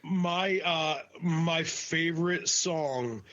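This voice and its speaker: Podcast co-host, man with a somewhat high, sharp, bright voice, blunt and profane, muffled lo-fi recording. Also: extremely slow. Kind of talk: casual chat.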